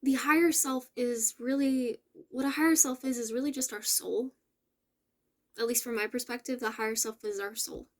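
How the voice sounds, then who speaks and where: Gentle, affirming woman with a higher voice. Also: fairly even intonation, normal speed. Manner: gentle, affirming, with soft laughs and self-corrections. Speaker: spiritual channel host. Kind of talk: casual spiritual message to viewers.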